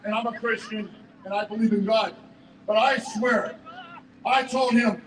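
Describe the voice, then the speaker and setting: A man giving an emotional, stammering speech at an outdoor protest rally, heard through an echoey loudspeaker from a distance. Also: sits high, steady tone, measured pace, pauses often, some chatter behind, slight background noise. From Canada. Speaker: rally speaker, business owner. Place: outdoor city square rally.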